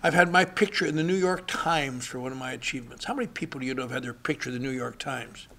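A man's voice: mid-range voice, quick pace, a bit bright. An older man sharing his recovery story with dry, wry humor at a convention. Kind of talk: recovery meeting talk. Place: convention hall.

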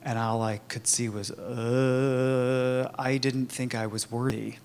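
A man telling his own recovery story in a candid, halting way, with many fillers and restarts. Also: mid-range voice, flat delivery, a little mellow, a little hiss or hum. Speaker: recovery program member sharing his story. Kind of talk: personal testimony, conversational.

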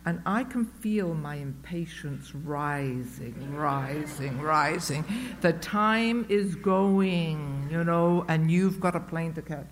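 There's a slight hiss or hum as this woman, speaking slowly in a low voice, opens up to a live audience at a recovery meeting. Her personal story comes out chatty and self-mocking, full of fillers and restarts.

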